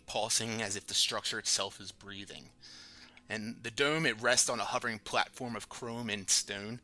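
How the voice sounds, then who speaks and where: A man narrating a tabletop game as game master, describing scenes with frequent pauses and fillers. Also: lowish voice, pushed and bright.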